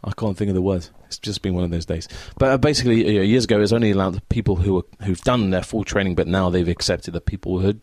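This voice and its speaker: A man's voice: sits low, fast talker, few pauses, darkish tone, no room sound. A man hosting a casual solo podcast from his home, chatting in a rambling, easily distracted way as a Scout leader. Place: at home by a window.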